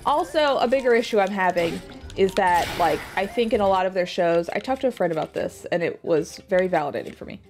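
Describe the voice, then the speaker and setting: A woman livestreamer chatting casually while she plays, rambling along with lots of fillers and quick asides. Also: on the low side, lively intonation, darkish tone, faint music behind. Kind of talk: casual chat while gaming.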